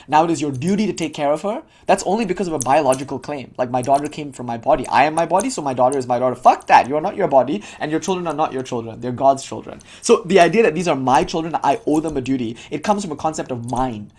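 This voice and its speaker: A young man teaching spiritual history in a loose, irreverent way, with casual swearing and slang. He talks quickly at a middle pitch and acts out quotes from the people in his stories. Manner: irreverent, casual and profane, animated quoting. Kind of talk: informal lecture on spiritual history.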